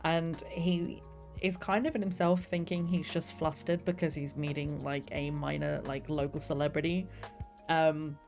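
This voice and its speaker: A woman's voice: low-pitched, flat delivery, a little slow, gravelly, a little mellow. A young woman streamer chatting casually and rambling about the novel she is writing, with lots of fillers. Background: faint lofi music.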